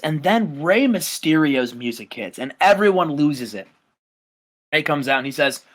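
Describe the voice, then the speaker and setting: A man co-hosting a casual wrestling game podcast, telling the story with excited, hyping energy. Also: a little high, normal speed. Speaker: podcast co-host. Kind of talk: casual chat.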